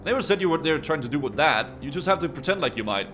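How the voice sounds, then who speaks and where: A man's voice: on the high side, very animated, quick pace, a bit bright, faint music behind. A man voicing a rude, scornful pirate sailor in a fantasy game, talking in a blunt, dismissive way.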